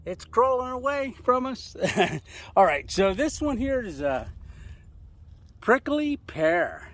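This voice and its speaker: A man's voice: very high voice, very animated, slow, a bit bright, no room sound. Chatty man vlogging on a desert hike. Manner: chatty, laughs often, talks to camera. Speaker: travel vlogger. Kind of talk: casual vlog commentary while hiking. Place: outdoors in desert hills.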